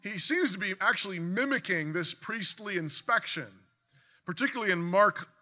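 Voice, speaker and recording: With an expressive delivery at a normal speed, a male preacher gives an earnest sermon in a very bright, ringing voice that sits high for a man. He bursts into emphatic passages and often restarts mid-sentence.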